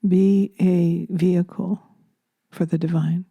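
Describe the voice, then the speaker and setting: A woman speaks slowly and softly into a close microphone, drifting through a reflective spiritual monologue full of pauses and ums. Her voice is very dark and mellow, a little low in pitch, and the sound is dry and close. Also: level tone, gravelly, slightly rough, no room sound. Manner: soft-spoken, drifting into whispers, hesitant fillers. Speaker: spiritual channeler and podcaster.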